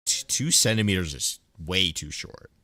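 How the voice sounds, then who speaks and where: A man's voice: low voice, lively intonation, moderate pace, pushed and bright, no room sound. A young man streaming a game, chatting casually in a rambling, joking way and laughing often. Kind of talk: casual chat while gaming.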